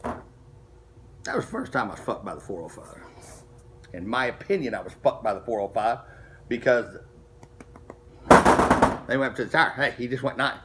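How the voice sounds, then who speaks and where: A middle-aged man casually telling a racing story to camera, profane and animated, acting out the people he quotes. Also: mid-range voice, normal speed, pauses often, noisy background. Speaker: street racer telling a story.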